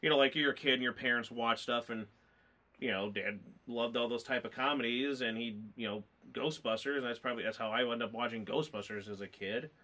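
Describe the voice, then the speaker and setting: A man's voice: medium pitch, steady tone, fairly quick, sharp tone. A man chatting casually as a movie reviewer, rambling and emotional, choked up and tearful as he talks. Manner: rambling, emotional, lots of fillers. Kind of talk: casual chat.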